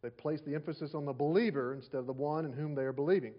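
A pastor delivers a rapid-fire sermon conversationally, using rhetorical questions and repeated lines. His voice is slightly high for a man, and the recording is a little dull and lo-fi.

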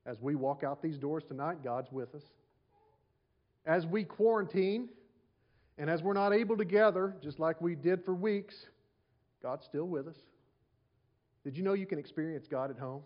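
A man's voice: fairly high pitch, moderate pace, pauses often, muffled recording. A man preaching a sermon to his congregation, repeating key phrases and asking the listeners rhetorical questions. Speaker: pastor.

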